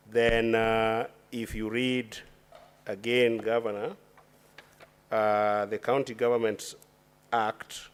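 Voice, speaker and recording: A man questions a witness at a formal senate hearing, his voice sitting on the low side. He speaks in a deliberate, legalistic way and restarts his phrases as he searches for the words.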